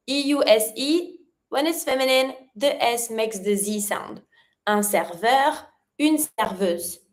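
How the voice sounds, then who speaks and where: Woman, language teacher, slightly high voice, deliberate modeled pronunciation. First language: French. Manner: slows down to model words clearly. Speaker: French teacher. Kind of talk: online language lesson.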